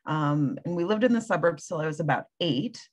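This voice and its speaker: A woman from the Midwestern United States, a podcast guest recounting her childhood in a relaxed way with many ums. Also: sits low, a little fast. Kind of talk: casual interview chat.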